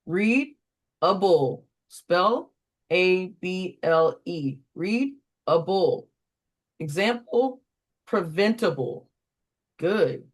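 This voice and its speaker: Slow, deliberate phonics tutor. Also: animated. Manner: slow, deliberate call-and-response prompting; steps aside to explain in a lower, quicker voice. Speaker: reading tutor trainer. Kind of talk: phonics drill walkthrough.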